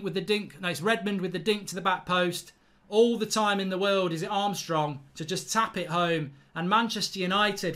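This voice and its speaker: Ranting football fan with a bright voice. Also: male voice, high-pitched. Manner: ranting, exasperated, swears a lot. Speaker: football fan channel host. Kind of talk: live match reaction commentary.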